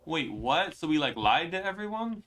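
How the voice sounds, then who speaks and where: A man giving loose, excitable commentary as he plays a story game, swearing freely and reacting out loud. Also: a little high, moderate pace, a little hiss or hum. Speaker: gaming streamer. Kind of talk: casual let's-play commentary.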